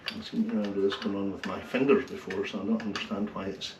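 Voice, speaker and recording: A man working on an old car engine and talking to himself, muttering quietly, with bursts of excitement. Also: on the low side, brisk. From Scotland. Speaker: car restorer. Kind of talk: casual workshop commentary. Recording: roomy, distant, noisy workshop sound.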